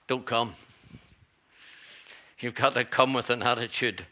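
A man's voice: mid-range voice, unhurried, pauses often, sharp tone. A middle-aged man, a pastor preaching a sermon in a church, earnest and repetitive, with chatty asides.

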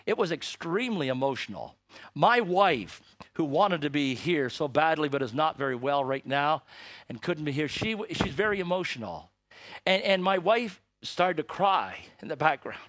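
An older man preaching a sermon, telling an emotional story and building to loud, forceful emphasis. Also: fairly high pitch, expressive, normal speed, no echo. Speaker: missionary preacher.

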